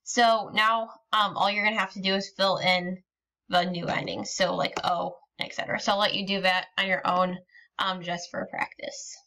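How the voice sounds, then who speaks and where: A woman's voice: medium pitch, level tone, normal speed, pushed and bright. A woman teaching a recorded lesson, explaining patiently step by step with frequent ums. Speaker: Spanish teacher.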